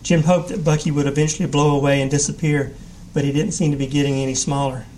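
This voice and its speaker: Male reader, live story reading, measured delivery, voice on the higher side. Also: slight background noise, poor audio. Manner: measured, steady narration.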